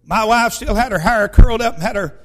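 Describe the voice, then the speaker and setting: A male pastor, telling a personal story in a sermon in a folksy, emphatic way that bursts into shouting. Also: high-pitched, a little fast.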